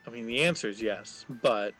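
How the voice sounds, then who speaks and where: A man's voice: on the low side, brisk, fairly bright tone, faint music behind, low-quality recording. A man playing at a tabletop game, chatting casually and stopping to think mid-sentence. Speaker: player. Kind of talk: casual chat at the gaming table.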